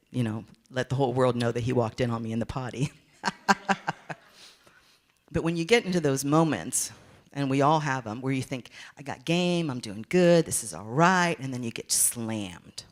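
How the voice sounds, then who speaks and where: Animated woman telling a story. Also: very deep voice. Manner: animated, acts out her own inner voice; candid and playful. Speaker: motivational speaker. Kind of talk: storytelling talk.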